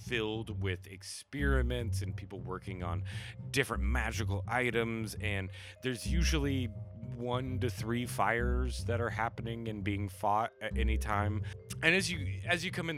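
A man's voice: fairly low pitch, moderate pace, music in the background. A man narrating as game master, in loose, rambling narration and laughing often.

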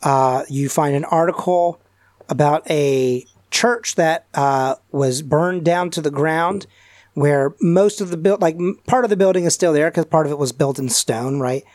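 A man running a tabletop game, narrating scenes in a loose, rambling way full of "um" and "uh". His voice sits a little high for a man, and the sound is dry and close to the mic. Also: a little slow, a little mellow, no room sound. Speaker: game master.

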